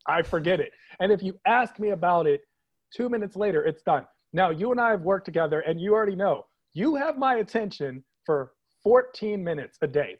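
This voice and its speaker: A man's voice: high voice, highs cut off. A man from Washington, D.C., a comedian guest riffing playfully on a podcast interview. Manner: playful, jokey, quick asides and put-on voices.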